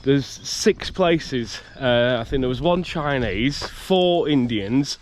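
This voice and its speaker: At a rural campsite beside a loch, a vlogger talks as he walks, his mid-range voice slow and expressive and a bit bunged up from a cold. There's slight background noise, and he rambles chattily, laughing and starting sentences over.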